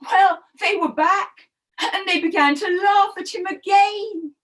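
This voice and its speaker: A woman storyteller telling a story to young children, expressive and animated, asking them questions as she goes. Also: very high voice, unhurried.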